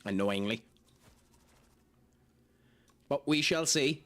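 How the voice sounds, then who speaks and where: A man's voice: mid-range voice, expressive, slow, a bit bright. A young man streaming a game, chatty and self-mocking, with lots of fillers. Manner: chatty, laughs at himself, many fillers. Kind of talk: casual live-stream commentary.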